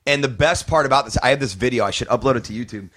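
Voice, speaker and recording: A male comedian chatting as a podcast guest, rushing through animated stories and tripping over restarts. His pitch sits in the ordinary male middle, and he talks very fast. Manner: animated storyteller, quick and full of restarts. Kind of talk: casual podcast chat.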